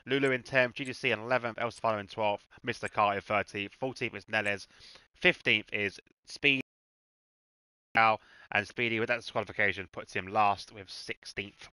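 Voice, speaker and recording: A man commentating on a sim racing league as play-by-play host, excitable and quick to jump up at the action. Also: no echo. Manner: excitable, rising pitch at on-track action. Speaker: race commentator. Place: home desk with two screens. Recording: loud racing game engine noise behind.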